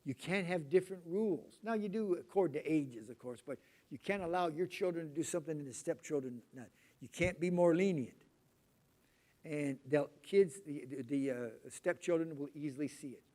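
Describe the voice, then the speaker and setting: A middle-aged man preaching in a loose, conversational way, his voice sitting a little high for a man. He rambles and restarts, and he slips into little acted-out voices when he quotes people. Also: moderate pace, dark tone. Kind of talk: sermon. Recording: poor volume quality.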